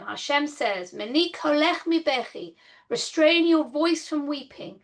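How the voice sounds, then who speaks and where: A woman's voice: high voice, expressive, measured pace. A woman teaching an online Torah class over a video call. She explains step by step, reads Hebrew verses and translates them, and speaks in an earnest, heartfelt way. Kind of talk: online Bible lesson.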